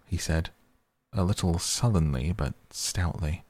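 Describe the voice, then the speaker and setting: Deep, gravelly storybook narrator man. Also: level tone, a little mellow, no echo. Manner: slow, deliberate reading. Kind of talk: storybook reading.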